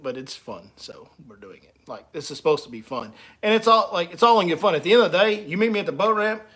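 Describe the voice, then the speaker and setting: Joking fishing guide on livestream. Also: male voice, on the high side, a bit bright. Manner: joking, teasing and laughing between lines. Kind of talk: casual livestream chat reading comments.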